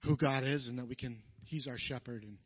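A man leading worship, talking informally between songs in a soft, halting way with many fillers. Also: mid-range voice, slightly rough, highs cut off. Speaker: worship leader.

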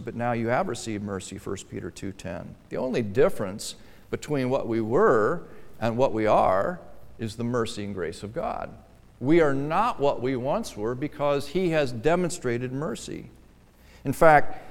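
A man's voice: mid-range voice, long reverb tail. A man preaching a sermon, rising to strong emphasis and acting out churchgoers' lines. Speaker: pastor.

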